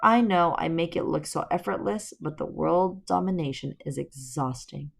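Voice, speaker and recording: A woman's voice: deep voice, normal speed, creaky, breathy edge, heavily acted. A woman voicing a bitter, vengeful female enchantress villain from a storybook, speaking in grand threats. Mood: smug.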